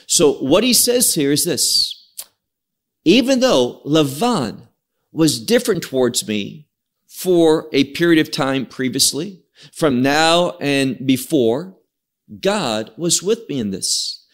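A man leading a Bible study at an unhurried pace, his fairly high voice rising and falling a lot as he stresses words. He reads a verse, then unpacks it with Hebrew terms and repeated phrases. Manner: expressive, draws out key words and repeats himself; cites Hebrew words from the text. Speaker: Bible teacher.

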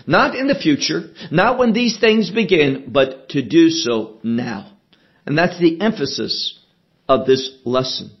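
Slow, high-voiced male preacher. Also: lively intonation, highs cut off. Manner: slow, deliberate expository preaching with emphatic stresses. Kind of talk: sermon.

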